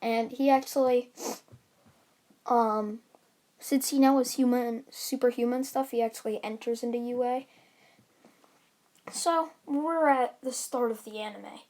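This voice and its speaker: A woman's voice: fairly high pitch, a little slow, long pauses, a little mellow. A woman casually retelling a fan story, rambling with many fillers and restarts.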